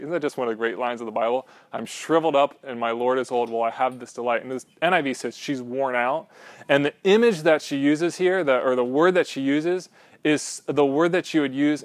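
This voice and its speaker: A man's voice: mid-range voice, no echo. A man preaching a casual, conversational sermon, often checking in with the room. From Southern California. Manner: casual, animated, asks the room "right?". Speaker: pastor.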